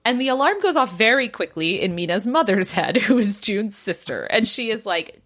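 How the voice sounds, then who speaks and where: A woman's voice: mid-range voice, normal speed. A woman hosting a podcast, telling a gossip story in casual chat and acting out the people in it. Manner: animated, acts out quoted people with bright voice jumps.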